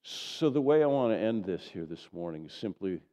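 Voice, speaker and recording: A man preaching a sermon as pastor, swinging from loud declarations to soft, low asides. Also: sing-song, normal speed. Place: church sanctuary.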